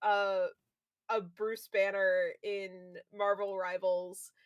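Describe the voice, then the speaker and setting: A woman's voice: medium pitch, flat delivery, slow pace, clean tone, lo-fi sound. A woman guest in casual chat, giggling and trailing off. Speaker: guest streamer.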